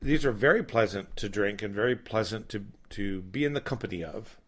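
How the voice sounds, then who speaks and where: A man's voice: lowish voice, lively intonation, fairly quick, a bit bright. A man co-hosting a casual tasting chat, thoughtful and explaining at length. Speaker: podcast co-host.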